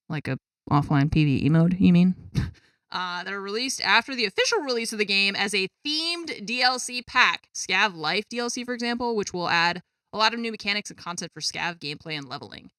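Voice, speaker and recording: A woman streamer talks casually to her viewers from her gaming desk at home, exasperated and swearing freely. Her voice is bright and forward, at a middle pitch, and the sound is dry and close with no room in it. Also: expressive, fast talker, dry recording. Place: home gaming setup with a cat.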